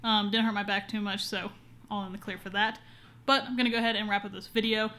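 This home vlog features a young woman with a medium-pitched, bright, forceful voice and fairly even intonation, speaking fast. She rambles chattily at a camera on a short tripod, leaning on plenty of fillers.

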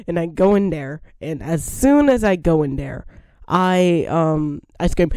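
A woman's voice: on the low side, animated, unhurried, a little mellow, no echo, clean studio sound. A woman gaming creator chatting casually to her viewers, rambling, giggly and repeating herself.

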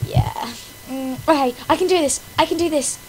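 A woman's voice: high-pitched, normal speed, a little mellow, slight background noise, poor audio. A woman hosting her gaming channel in casual gameplay commentary, melodramatically complaining about her failures with wails and laughter.

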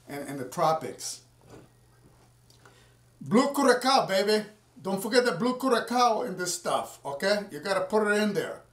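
Man, casual home video, rambling and chatty, slightly high voice, echoey room, distant mic. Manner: rambling, chatty, talks to viewers. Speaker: home cocktail maker. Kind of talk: casual cooking vlog. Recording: roomy sound, from far off the mic.

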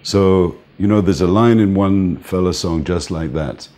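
An older man, a music manager, telling anecdotes in an interview, animated, laughing often and acting out the people he quotes. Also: sits low, a little slow.

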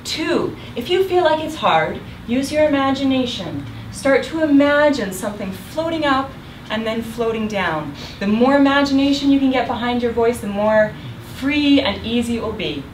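Upbeat woman voice coach with a high voice, heard from across an echoey room with steady noise. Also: normal speed. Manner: upbeat, encouraging instructor. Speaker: guest speaker and voice coach. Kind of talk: leading a group voice workshop. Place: meeting room with a group around a table. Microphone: distant room mic. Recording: roomy, distant, noisy room recording.

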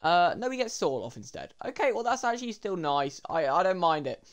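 A young man, commentating his game pack openings in an excitable way and talking to viewers as lads and boys. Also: high voice, fairly quick. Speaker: gaming YouTuber.

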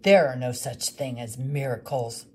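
Woman doing a grumpy old guy, slow and gruff, storybook reading. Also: very deep voice, a little mellow, voice pushed down, exaggerated voice. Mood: stern.

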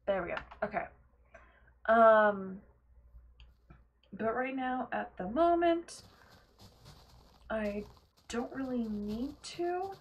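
Husky-voiced young woman streaming casually. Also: on the high side, takes it slowly, pauses often, muffled recording. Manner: rambling, filler-heavy, laughs often, talks to chat. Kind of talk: casual gameplay live stream chat.

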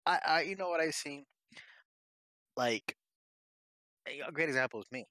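A man's voice: on the high side, moderate pace, pushed and bright, no echo. A man co-hosting a gaming podcast in casual chat, rambling, restarting his sentences and swearing freely. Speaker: podcast co-host.

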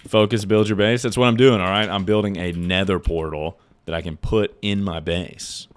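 This young man's voice sits low and sounds clear and resonant, with fairly even intonation at a moderate pace. He livestreams a game, reading chat aloud and responding with loose jokes and plenty of swearing.

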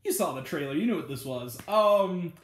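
High-voiced chatty man reviewing a movie. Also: animated, moderate pace. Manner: rambling and chatty, heavy on filler words, laughs at his own retellings. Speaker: movie reviewer, channel host. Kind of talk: casual spoken movie review. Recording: roomy echo.

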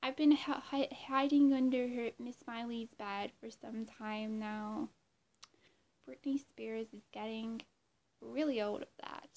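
A woman's voice: fairly high pitch, fairly even intonation, unhurried, a little mellow. A woman doing an impression of a flirty, doting pop-star woman who cooes, blows kisses and talks about herself by name.

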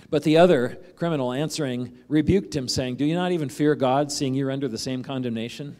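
A man's voice: mid-range voice, fairly quick, few pauses, darkish tone. A man preaching a sermon as a pastor, in a conversational way, often asking "right?" and acting out the voices of the people in the passage he reads.

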